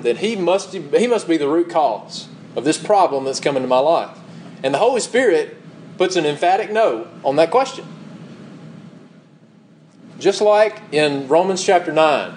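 A man's voice: fairly high pitch, slight background noise, low-quality recording. A man preaching a sermon, reading scripture aloud and asking rhetorical questions with emphatic repetition. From United States.

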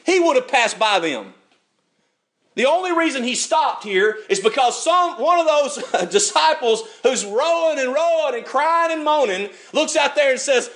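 An older man preaching a sermon, telling the story with lively acted-out voices and frequent chuckles. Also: high voice, moderate pace. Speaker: pastor.

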